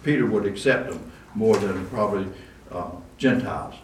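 With a fairly low-pitched voice at normal speed, a man preaches a conversational church sermon, breaking into asides and restarting sentences. The audio has a roomy echo, faint room noise and a distant mic.

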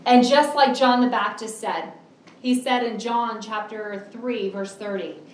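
A woman's voice: on the high side, fairly even intonation. A middle-aged woman preaching a sermon, earnest and emphatic, drawing out key words. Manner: earnest, emphatic, with drawn-out stresses. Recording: echoey, from a distance.

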